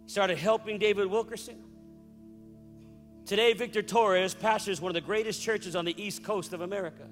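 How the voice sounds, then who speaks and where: High-pitched fervent preaching man. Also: steady tone, moderate pace, in a large hall, soft background music. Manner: fervent preaching, rising to shouts. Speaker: pastor. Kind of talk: sermon.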